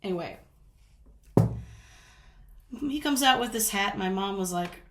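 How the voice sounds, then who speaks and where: Southern-raised woman vlogger, mid-pitched, chatty and giggly, with a roomy echo around her. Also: expressive, unhurried, pauses often, a bit bright. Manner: chatty, rambling, laughs often. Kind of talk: casual storytelling.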